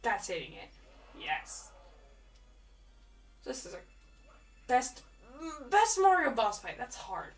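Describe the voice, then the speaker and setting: Excitable, chatty woman gamer. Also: a little high, slow, long pauses, recorded from a distance. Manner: chatty, excitable, repeats words. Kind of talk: live game commentary.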